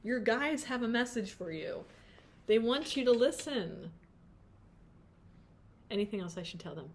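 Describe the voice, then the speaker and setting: A woman's voice: fairly high pitch, lively intonation, unhurried. Chatty woman reading tarot cards. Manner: chatty, self-interrupting, sings snatches of song; playful, laughs at herself. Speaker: tarot card reader. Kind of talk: pick-a-card tarot reading.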